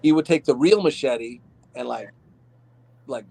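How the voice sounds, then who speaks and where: A man from Arizona chats on a podcast about his time on a film set. His voice sits at an ordinary middle pitch, and he rambles easily through his stories with lots of fillers. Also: a little slow, vocal fry. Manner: relaxed storytelling with many fillers. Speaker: actor guest. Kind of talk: casual podcast interview.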